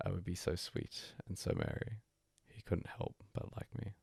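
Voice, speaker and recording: Deep gravelly man reading softly. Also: huge pitch swings, normal speed, no room sound. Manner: hushed, breathy first-person monologue. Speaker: bedtime story reader. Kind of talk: soft-spoken story reading.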